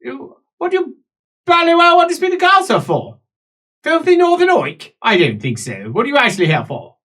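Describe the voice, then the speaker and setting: A man's voice: very high-pitched, huge pitch swings, moderate pace, sharp tone, pitched above the performer's own voice, heavily acted. A man voicing a pompous, haughty guard officer with sneering, uppity posh speech.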